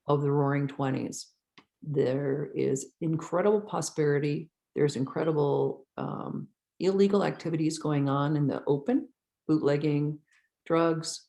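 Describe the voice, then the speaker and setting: A woman teaching musical theatre history in a conversational lecture, pausing and correcting herself as she explains. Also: sits low, darkish tone. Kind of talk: recorded lecture.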